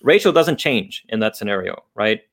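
A man's voice: fairly low pitch, animated, moderate pace, a bit bright. Man thinking aloud through philosophy. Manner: thinking aloud, frequent restarts and fillers. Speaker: guest philosopher. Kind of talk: unscripted philosophical explanation.

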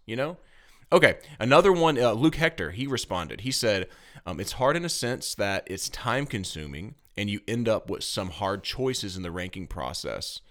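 A man with a Southern US accent co-hosting a board game podcast in casual, lively, self-deprecating chat. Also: fairly low pitch, moderate pace. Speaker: podcast co-host.

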